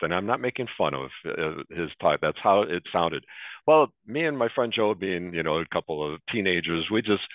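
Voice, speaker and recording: A deep-voiced man in his sixties hosts a conversational webinar interview, steering the talk with warm personal stories. He's on a video call, and the audio is dry and narrow, like a phone, with no room sound.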